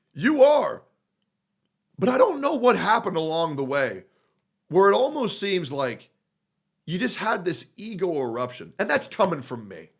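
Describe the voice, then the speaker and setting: A man's voice: fairly high pitch, vocal fry, fairly bright tone. A male streamer in a blunt, profane, sarcastic livestream reaction rant.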